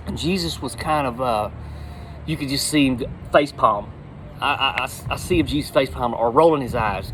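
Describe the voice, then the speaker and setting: A middle-aged man giving a casual, folksy sermon, animated, with repeated words. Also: on the high side, slight background noise, low-quality recording. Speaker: lay preacher.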